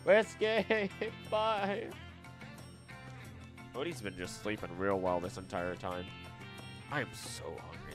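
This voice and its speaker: Animated man streaming live. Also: fairly low pitch, slow pace, pauses often, faint music behind. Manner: animated, talks to himself and his cat. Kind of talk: casual live-stream chat. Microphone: desk microphone.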